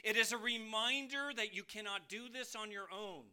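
A man preaching a sermon from the pulpit, moving between emphatic rises and soft low drops, asking the congregation questions. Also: moderate pace, clean tone. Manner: addresses listeners as beloved, asks them questions. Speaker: pastor.

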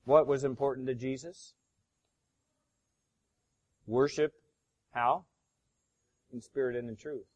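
A man's voice: mid-range voice, fairly even intonation, takes it slowly, long pauses, darkish tone. A male pastor preaching a sermon, emphatic and fond of rhetorical questions to his congregation.

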